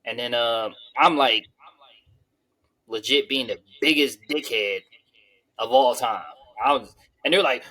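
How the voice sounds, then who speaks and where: A man's voice: mid-range voice, measured pace, pauses often, bright, forceful tone, low-quality recording. A man co-hosting a podcast in casual chat, boasting and telling crude stories. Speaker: podcast co-host.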